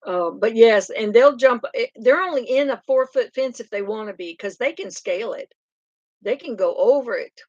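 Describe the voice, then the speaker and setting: A woman's voice: a little high, moderate pace, darkish tone, no echo, muffled recording. An older woman, hosting a casual live stream chat, reading out comments and rambling through stories. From Oklahoma. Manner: chatty, rambling, laughs often.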